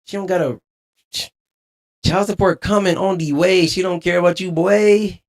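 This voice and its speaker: A man's voice: sits high, moderate pace. Laughing man ranting on stream. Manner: laughing, animated, preachy rants. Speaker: streamer reacting to a clip. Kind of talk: casual reaction commentary.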